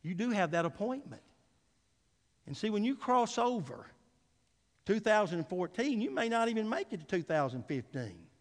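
High-voiced man preaching in a reverberant hall. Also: very animated, moderate pace. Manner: swings from soft and low to loud and emphatic; calls out "Amen?" to the congregation. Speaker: pastor. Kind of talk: sermon. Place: church sanctuary.

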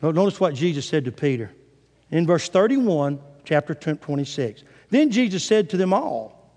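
Male preacher, dramatic sermon delivery, high animated voice, long church reverb. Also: normal speed. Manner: animated, dramatic scripture retelling.

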